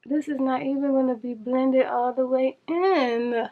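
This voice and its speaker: A woman chatting to viewers in a casual makeup challenge vlog, flustered and rushing against a timer. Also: sits high, narrow, tinny audio. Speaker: beauty vlogger.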